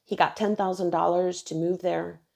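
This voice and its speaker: A woman's voice: lowish voice, flat delivery, moderate pace, gravelly. A woman in her thirties earnestly telling a personal story on her own channel. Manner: earnest, emotional retelling, quoting others softly.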